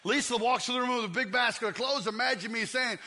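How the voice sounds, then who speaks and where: A man's voice: extremely high pitch, fast talker, sharp tone. A man in his fifties preaching a sermon in a church, telling comic stories and acting out scenes. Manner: comic storytelling, acts out scenes. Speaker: pastor.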